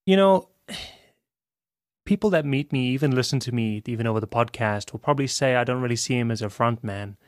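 A young South African man, a band frontman, chatting on a podcast in a calm, very relaxed way. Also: medium pitch, a little fast, no echo, clean studio sound. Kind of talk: casual podcast chat.

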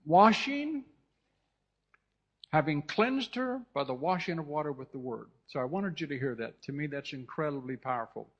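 A man's voice: a little high, expressive, a little fast, few pauses. A man from California preaching a sermon with fervent, repetitive delivery, often restarting and turning to the congregation with asides. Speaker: pastor. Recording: dull lo-fi recording.

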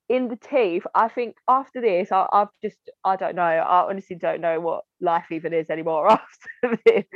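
A woman's voice: mid-range voice, no room sound. A woman, telling a personal family story to an interviewer in a candid, heartfelt way and often acting out what relatives said. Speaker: interview guest. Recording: dry, slightly dull lo-fi sound.

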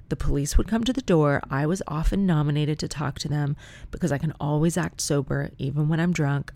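A woman's voice: low voice, creaky, darkish tone, no echo. A woman telling a comic story in a chatty, wry, profane way.

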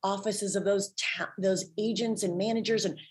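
A woman putting on a gruff, bossy older father who barks out a no-nonsense pep talk. He is blunt and commanding, and he pushes his voice up high as he orders his listener to march in and show her talent. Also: fairly even intonation, normal speed, natural voice.

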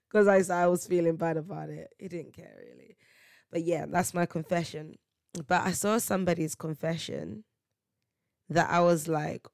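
A woman's voice: fairly low pitch, moderate pace, vocal fry, dry recording, studio quality. A woman hosting a casual solo podcast. She tells slangy stories animatedly, laughs often and acts out what people said. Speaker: podcast host.

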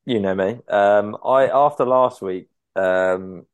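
A man co-hosting a casual podcast, relaxed and chatty, with lots of "um"s. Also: on the low side, slow pace, clean tone, dry recording. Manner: relaxed, chatty, hesitant fillers. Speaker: podcast co-host. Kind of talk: casual chat.

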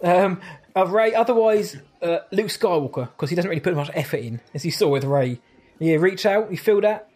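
A man, co-hosting a casual podcast and reading out listener questions. His voice sits a little high. He talks in a quick, upbeat way and laughs easily. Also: expressive, a little mellow. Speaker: podcast co-host. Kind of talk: casual chat.

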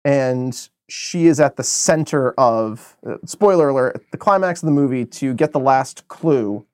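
An American man co-hosting a podcast, talking through a film review in a rambling, animated way with many fillers and restarts. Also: mid-range voice, a little slow, clear, resonant tone, dry recording, studio quality. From United States. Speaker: podcast co-host. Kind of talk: casual film review chat.

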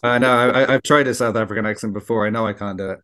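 A man co-hosting a casual podcast, talking haltingly with lots of fillers, swearing, and laughing easily. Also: fairly low pitch, fairly even intonation, a bit bright. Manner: hesitant, filler-heavy, profane, laughs easily. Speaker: podcast co-host. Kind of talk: casual chat.

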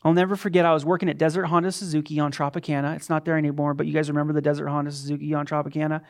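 A middle-aged man, a pastor, preaching an animated, conversational sermon with quick asides. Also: fairly high pitch, vocal fry.

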